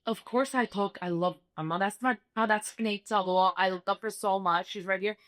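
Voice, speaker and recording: A woman's voice: mid-range voice, fairly even intonation, normal speed, fairly bright tone, no echo. A young woman from Dubai, a singer-songwriter guest, talking animatedly in a casual interview and repeating phrases for emphasis. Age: young adult.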